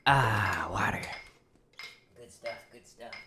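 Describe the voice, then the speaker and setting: A man's voice: fairly low pitch, lively intonation, slow, a little hiss or hum. A man teaching drumming on a casual practice stream, counting beats aloud and making playful asides to himself. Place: home practice room. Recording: loud drum clicks behind voice. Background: drumming clicks and taps.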